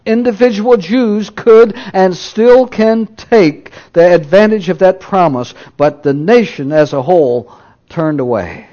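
A man preaching a sermon, moving between loud emphatic declarations and hushed low asides. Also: muffled recording.

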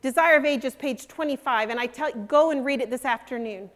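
An older woman preaching a sermon, earnest and emphatic, sometimes dropping to a hush. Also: high-pitched, brisk. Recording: long hall reverb.

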